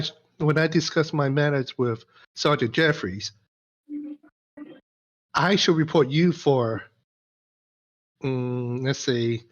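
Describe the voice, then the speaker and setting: A man voicing a self-important male businessman, speaking in a formal, measured, condescending way. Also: fairly high pitch. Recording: dull lo-fi stream audio.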